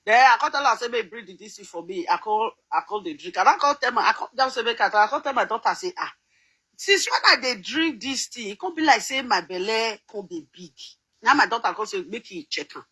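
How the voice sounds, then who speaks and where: Nigerian woman vlogger, middle-aged, high-pitched and chatty, laughs a lot. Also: animated, a little fast, sharp tone, husky, poor audio. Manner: chatty, laughs often, sings snatches. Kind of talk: casual chat.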